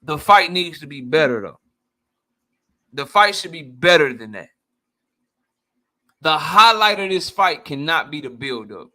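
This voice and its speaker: A boxing YouTube host with a high, bright voice responds to his live chat with casual commentary, speaking a little slowly and pausing often. His style is animated and blunt, loaded with slang and frequent swearing.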